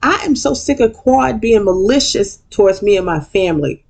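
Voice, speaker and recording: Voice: mid-range voice, expressive, moderate pace, creaky, pitched above the performer's own voice. A vlogger putting on an angry reality-show woman confronting a rival. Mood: accusing.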